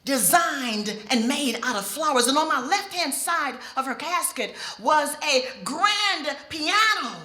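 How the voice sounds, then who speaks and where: A middle-aged woman telling a personal story on stage before an audience, expressive and speaking straight to the listeners. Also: high voice, measured pace, few pauses. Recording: echoey hall.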